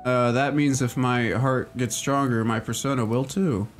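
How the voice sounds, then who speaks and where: A man's voice: mid-range voice, fairly even intonation, normal speed, soft background music, natural voice. A man reading aloud the lines of an earnest teenage girl from a game in his own plain voice, without putting on a voice. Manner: reads her lines plainly without a put-on voice.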